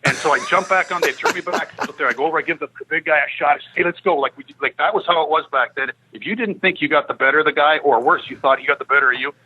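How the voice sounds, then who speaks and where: A man's voice: on the high side, rapid-fire, few pauses, slight background noise, poor audio. A man in his fifties, a former pro hockey player, telling stories on a podcast and acting out the dialogue. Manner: animated storyteller who acts out quoted dialogue. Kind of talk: casual podcast storytelling.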